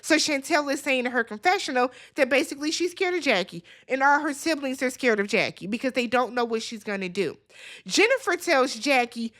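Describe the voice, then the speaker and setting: A woman with a somewhat high voice talks through an episode recap in a loose, casual way. She retells scenes as she goes and is blunt, even swearing now and then. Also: fairly quick. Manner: chatty retelling, quotes people in their voices, blunt swearing. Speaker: recap vlogger.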